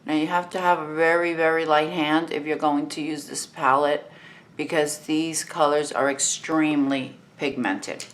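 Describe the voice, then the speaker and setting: A woman in her fifties with a New Jersey accent, talking through a makeup tutorial in a relaxed, chatty way while she works. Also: deep voice, moderate pace. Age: 50s.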